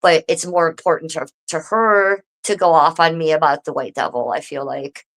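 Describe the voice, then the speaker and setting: A woman's voice: low-pitched, normal speed. Swearing woman streamer ranting to viewers. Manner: swearing, animated, talks to viewers directly. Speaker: live streamer. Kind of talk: casual live stream rant.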